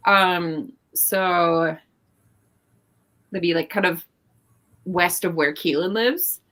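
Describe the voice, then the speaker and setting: A woman's voice: on the low side, steady tone, takes it slowly, sharp tone. A young woman from Canada with a Canadian accent, chatting casually as co-host, with lots of fillers. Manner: chatty, many fillers and likes. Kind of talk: casual chat.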